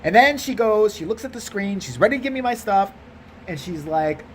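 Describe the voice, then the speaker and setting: A man's voice: sits high, lively intonation, fairly quick, fairly bright tone, a little hiss or hum. A tired man with a Chicago accent telling a comic, profane story about a bank mix-up. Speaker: vlogger. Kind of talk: casual storytelling rant.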